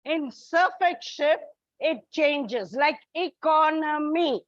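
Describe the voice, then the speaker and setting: A woman teacher giving a slow, deliberate English lesson to her students, explaining step by step. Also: sits high, no room sound. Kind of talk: classroom lesson. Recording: dull, lo-fi recording.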